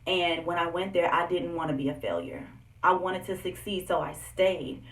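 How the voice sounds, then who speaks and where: A young woman telling personal stories straight to her viewers in an animated, candid vlog. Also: on the low side, normal speed, recorded from a distance. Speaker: vlogger. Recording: echoey room, voice set back from the mic.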